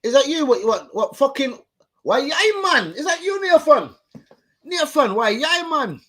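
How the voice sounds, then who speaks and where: A man doing a high, shouty impression of an excitable Geordie man greeting a mate in a Geordie accent. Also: measured pace, full character voice. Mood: excited. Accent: Geordie put-on. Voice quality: high, shouty, sing-song.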